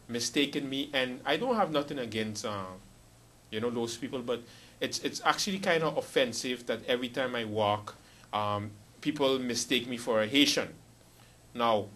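Bright-voiced man rambling as a comic host. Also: mid-range voice. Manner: meandering, hesitant, stumbling over words. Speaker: late-night show host.

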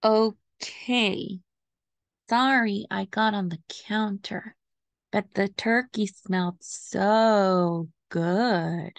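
Brief: woman reading a pampered, moody house cat for a storybook, slow with a gravelly edge, dry close sound. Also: mid-range voice, fairly even intonation, no room sound. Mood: gentle. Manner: slow, gentle read-aloud delivery.

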